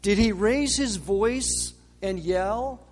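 A man preaching a sermon in a measured way, with dramatic pauses and rhetorical questions. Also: high-pitched, darkish tone. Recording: long reverb of a large hall.

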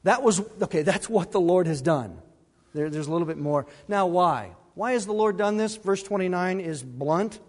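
A man preaching a sermon as pastor, animated and emphatic, with asides and brief laughs. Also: a little high, moderate pace, long reverb tail.

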